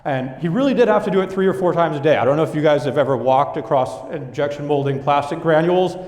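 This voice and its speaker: A man's voice: a little high, fast. A young man gives a business talk from a large hall, his slightly raised voice carrying a long, roomy reverb. He tells stories with energy and acts out his coworkers' lines as he goes. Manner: lively storytelling, acting out quoted coworkers. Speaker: business speaker. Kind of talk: presentation to an audience. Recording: echoey hall.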